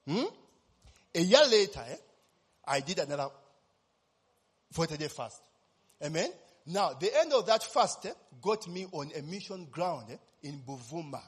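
Animated preacher with husky voice. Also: male voice, a little high, moderate pace, long pauses, big-room sound. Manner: animated storytelling with constant tag questions. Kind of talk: sermon with personal testimony.

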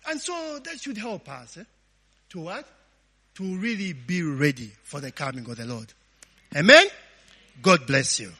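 Lively Ugandan pastor in an echoing hall. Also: male voice, on the high side, moderate pace, slightly rough. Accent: Ugandan English. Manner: lively, laughing, asks the congregation to finish his sentences. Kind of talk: conversational sermon with call-and-response questions. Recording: long hall reverb.

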